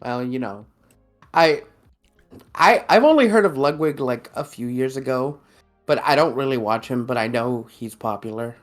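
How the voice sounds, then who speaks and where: A podcast co-host in casual chat, lively, with stammering restarts and frequent swearing. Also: medium pitch, moderate pace, faint music behind.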